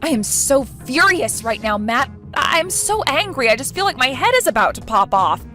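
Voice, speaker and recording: A woman voicing an outraged young bride, with soft music under her. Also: sits high, very animated, normal speed, full character voice. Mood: furious. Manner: indignant, accusing. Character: young bride, humiliated and furious. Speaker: voice actor in a story video. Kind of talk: scripted voice acting. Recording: faint background music.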